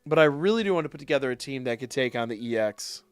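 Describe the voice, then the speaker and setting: Quick and lively, his mid-range voice has a clean tone as he streams a game and chats casually with viewers. Frustration sets off frequent swearing and rants. It's a dry recording with faint background music.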